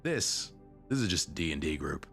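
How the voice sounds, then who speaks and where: A young man with a deep, low voice chats casually as a streamer, rambling from one topic to the next and often breaking off mid-sentence to start again. Soft music plays faintly underneath his talk. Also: big pitch swings, normal speed, gravelly. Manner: rambling, self-interrupting, conversational. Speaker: vtuber streamer.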